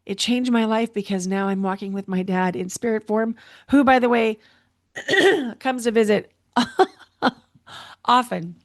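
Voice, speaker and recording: A woman's voice: fairly high pitch, unhurried, no echo, clean studio sound. A middle-aged woman hosting her podcast, speaking in an earnest, emotional monologue and repeating herself for emphasis. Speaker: podcast host and intuitive coach. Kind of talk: personal reflective monologue.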